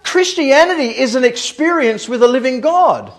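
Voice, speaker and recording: A man preaching a sermon as pastor in a church, animated, repeating words and laughing at his own stories. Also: extremely high pitch, normal speed. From Australia.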